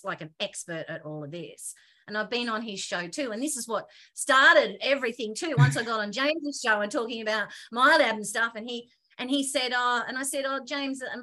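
Woman, interview guest, excitable storytelling, frequent restarts, bright tense tone. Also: mid-range voice. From Australia. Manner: animated, excitable, breaks off and restarts often.

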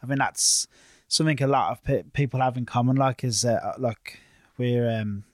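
A man's voice: mid-range voice, moderate pace, no echo, clean studio sound. A man of Irish background hosting an interview, chatty and loose with many fillers. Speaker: interview host. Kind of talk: casual interview chat.

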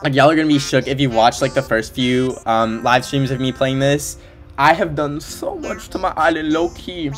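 A man livestreaming a game in casual chat, excitable and emotional, gushing over what he sees, at his desk at home. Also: mid-range voice, moderate pace. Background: faint game music.

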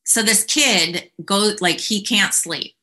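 A woman's voice: medium pitch, takes it slowly, sharp tone. A woman guesting on a podcast, chatting casually and telling jokes animatedly, acting out the voices. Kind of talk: casual interview chat. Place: home room.

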